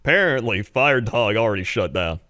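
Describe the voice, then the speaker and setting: A man's voice: on the low side, expressive, normal speed, sharp tone, dry recording, studio quality. A man in his thirties co-hosting a podcast, telling rambling stories with lots of laughs and acted-out voices. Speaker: podcast co-host. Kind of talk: casual storytelling chat.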